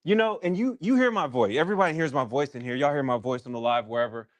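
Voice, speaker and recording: A man leading a workshop session speaks in a deep voice with lively intonation, relating a frank personal story. He reflects as he goes, hesitating and restarting many times, and there is no echo.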